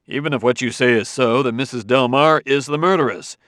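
A man voicing a hostile male official who argues heatedly, louder and higher than his narration. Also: a little fast, no room sound, studio quality, lightly acted. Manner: heated, challenging.

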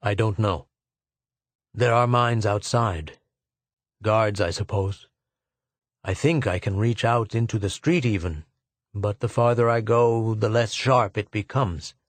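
A weary old Earthman, as a male narrator puts him on, speaks in a husky, lowered voice that drops even deeper than the reader's own. His words come halting and subdued. The recording is dry and close. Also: no echo.

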